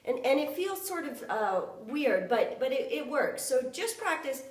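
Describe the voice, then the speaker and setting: A woman's voice: high voice, very animated, measured pace, far from the mic, faint music behind. Woman flute teacher counting beats in an echoey room. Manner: counts beats aloud and sings syllables. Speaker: flute instructor. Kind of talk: music lesson, counting and demonstrating. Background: flute playing.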